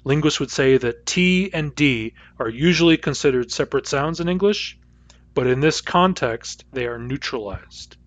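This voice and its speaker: A man's voice: on the high side, moderate pace. A male lecturer with a West Coast North American accent, patiently explaining sounds and saying them aloud as examples. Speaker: linguistics lecturer. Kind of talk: recorded lecture. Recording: dull dry lecture recording.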